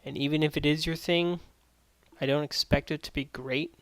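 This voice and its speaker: Sardonic, foul-mouthed male reviewer with a smooth voice, recorded dry. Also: fairly high pitch, steady tone, normal speed, a bit bright, no room sound, rough recording. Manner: rambling, profane, sardonic. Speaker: anime reviewer. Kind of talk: casual spoken review.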